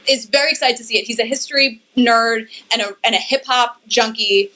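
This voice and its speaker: A woman's voice: fairly high pitch, brisk, bright, forceful tone, poor audio. A woman co-hosting a podcast, telling a story in friendly, chatty conversation. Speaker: podcast co-host. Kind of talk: casual chat.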